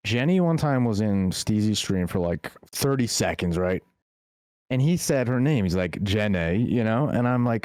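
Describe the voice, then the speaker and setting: A young man co-hosting a podcast chat, telling stories in an animated, teasing way. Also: fairly low pitch, normal speed, no echo, studio quality. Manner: animated teasing storyteller with big laughs. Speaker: podcast co-host. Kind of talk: casual chat.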